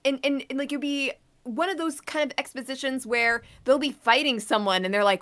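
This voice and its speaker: A woman co-hosting a podcast, chatting casually about a show with a halting, filler-heavy manner. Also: high-pitched, fairly bright tone. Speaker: podcast co-host. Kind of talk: casual review chat.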